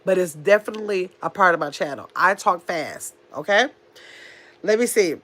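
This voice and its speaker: A woman in her fifties with a nasal voice, hosting a casual livestream, talking very fast and bluntly while reading chat comments. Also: on the low side, fairly bright tone. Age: 50s. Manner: talks very fast, blunt and chatty. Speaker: livestream host.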